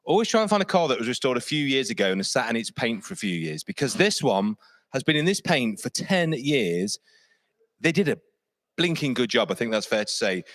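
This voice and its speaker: Lively enthusiastic male car presenter. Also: medium pitch, a little fast, dry recording. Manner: chatty and enthusiastic. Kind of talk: enthusiastic walk-around presentation.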